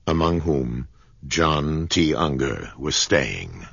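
Deep, husky male storyteller. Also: sing-song, takes it slowly, fairly bright tone, dry recording, lo-fi sound. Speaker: narrator. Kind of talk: storybook reading.

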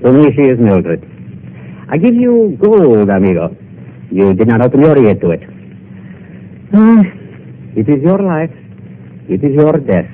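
An actor playing a smug, menacing police detective with a Spanish accent and a silky way of making veiled threats, in 1950s radio drama acting. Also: male voice, mid-range voice, huge pitch swings, a little slow, long pauses. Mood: sly. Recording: narrow-band old radio broadcast.

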